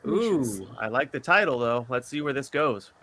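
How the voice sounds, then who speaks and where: Animated, profane, teasing man. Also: medium pitch, normal speed, rough recording. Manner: profane, teasing, mock-dramatic. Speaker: co-host of live stream. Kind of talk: casual live-stream banter.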